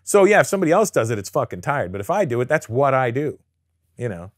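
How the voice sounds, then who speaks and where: A middle-aged man from Canada, speaking as a comedian guest in a relaxed studio interview. His voice sits in an ordinary middle pitch, and the sound is close and dry. He tells stories in an animated, profane way and keeps slipping into quoted voices. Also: fast talker, dry recording. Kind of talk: casual interview chat.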